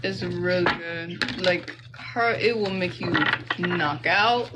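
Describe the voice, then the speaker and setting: A woman's voice: lowish voice, slow, heavy background noise. A young woman doing a casual tarot reading, chatty and slangy, rambling into side stories. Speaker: tarot reader.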